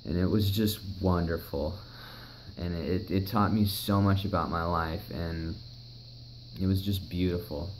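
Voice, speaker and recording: A man's voice: low voice, steady tone, measured pace, slight background noise, low-quality recording. A young man recounting a personal story in a rambling, emotional way, swearing often. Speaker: vlogger.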